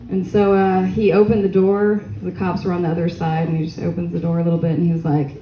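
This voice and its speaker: A woman's voice: lowish voice, level tone, quick pace, highs cut off. A young woman doing a stand-up comedy set, crude, rambling and self-mocking, with audience laughter behind her. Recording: echoey room with faint noise.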